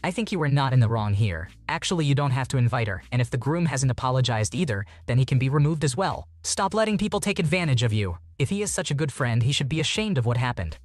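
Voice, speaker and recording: A man reading online posts aloud in an even, steady voice and adding short comments of his own. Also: mid-range voice, fast, few pauses, no room sound, soft background music.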